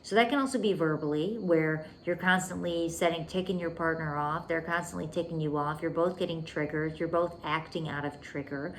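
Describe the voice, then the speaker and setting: A woman's voice: low voice, steady tone, brisk, few pauses, a little hiss or hum. A woman hosting a relationship podcast, talking intimately and emphatically, calling the listener "baby" and dropping into whispers for emphasis. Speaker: podcast host. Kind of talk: relationship coaching monologue.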